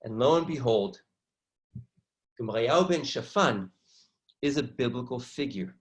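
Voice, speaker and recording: A man teaching an online lesson from slides, animated and often checking in with listeners by asking "right?". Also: medium pitch, unhurried. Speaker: educator.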